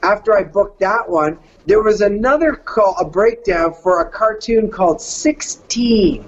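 A man's voice: high voice, a little slow, lo-fi sound, a little hiss or hum. A middle-aged man from Canada, a voice actor casually telling a story and slipping into surfer-dude voices.

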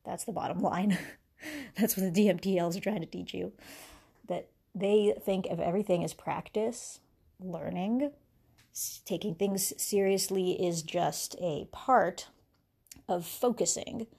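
A podcast host muses aloud about spirituality in a husky, dark-toned, mid-range voice with vocal fry. She keeps a measured pace but rambles casually, wandering through many restarts and fillers and often laughing between thoughts.

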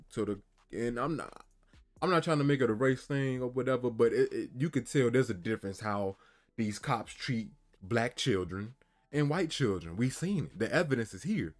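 A man retelling a story in casual, heated commentary, repeating himself and often asking "you feel me". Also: medium pitch.

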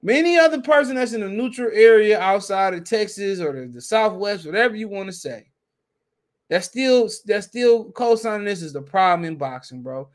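A man's voice: high voice, expressive, normal speed. A man hosting a podcast, ranting in a heated, profane, repetitive way. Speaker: podcast host. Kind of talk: casual podcast rant.

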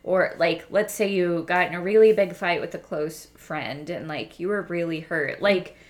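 A woman's voice: lowish voice, normal speed. A young adult woman co-hosting a podcast, chatting casually and bluntly, full of "like" and jokes. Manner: blunt, joking, sprinkled with "like". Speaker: podcast co-host. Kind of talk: casual chat.

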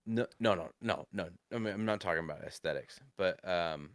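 A man's voice: low-pitched, a little fast, no room sound, studio quality. A man co-hosting a casual political podcast, ranting sarcastically and swearing often. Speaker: podcast co-host.

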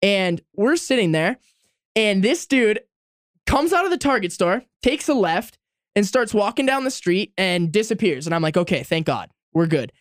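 A man's voice: high voice, moderate pace, no echo, studio quality. Young man telling a profane story. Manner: profane, animated anecdote telling. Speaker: podcast guest storyteller. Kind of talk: casual storytelling among friends.

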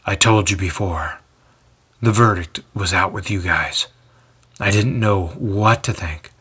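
A man voicing a large male jailer in a storybook telling, speaking in hushed, halting, earnest tones. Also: low voice, husky, full character voice.

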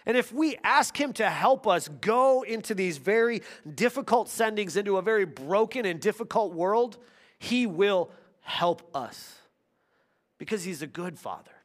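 A pastor preaches a sermon in a notably high voice for a man. He tells his stories earnestly, building to loud stretches and then dropping to near-hushed tones. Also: lively intonation, unhurried.

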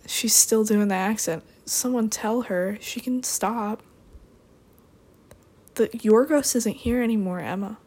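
A woman's voice: mid-range voice, slow, a little mellow, breathy edge. A young woman hosting a podcast, chatting in a rambling, playful way with sarcastic asides. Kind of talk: rambling comedic chat.

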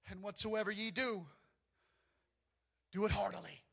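A man with a high, bright voice preaching a sermon. He tells personal stories with lively, animated energy and often climbs almost to a shout. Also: a little slow, creaky, slightly rough. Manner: animated storytelling, often rising to near shouts, with laughs. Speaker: pastor.

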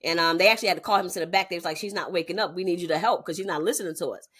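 A woman's voice: on the low side, rapid-fire, slightly rough. A woman in her thirties cohosting a podcast, telling family stories in casual chat with lots of laughter. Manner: animated storytelling, frequent laughter.

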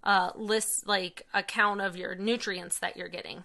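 A woman's voice: mid-range voice, fairly even intonation, a little slow, vocal fry, pushed and bright. A woman in her thirties chatting casually as a podcast co-host, enthusiastic and full of fillers. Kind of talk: casual chat.

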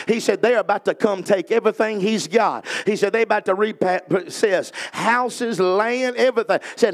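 A man's voice: high-pitched, a little fast, vocal fry, hardly any pauses. A male evangelist preaching at a revival, telling a story in a folksy way and acting out the dialogue, building to fervent preaching.

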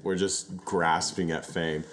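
A man's voice: low voice, slow pace. A man co-hosting a podcast, rambling and swearing casually as he talks. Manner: rambling, profane, animated retelling. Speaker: podcast co-host. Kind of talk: casual chat.

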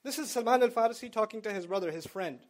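A man with a high-pitched voice speaks fast while giving an Islamic lecture to college students. His style is conversational, explaining terms in plain everyday language and telling stories with emphasis.

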